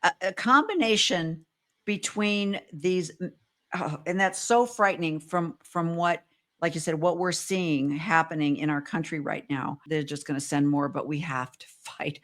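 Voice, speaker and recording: Female host, lively and exclamatory, slightly low voice, casual conversation. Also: unhurried. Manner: animated, exclamatory. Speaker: podcast host. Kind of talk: casual chat.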